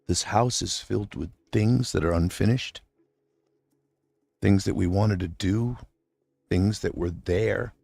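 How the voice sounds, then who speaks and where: Middle-aged male stream host, low gravelly voice, near tears, rambling and heartfelt, dry close sound. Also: takes it slowly, long pauses, a little mellow, dry recording. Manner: rambling, heartfelt, addresses his absent wife directly. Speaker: livestream host. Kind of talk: unscripted emotional monologue.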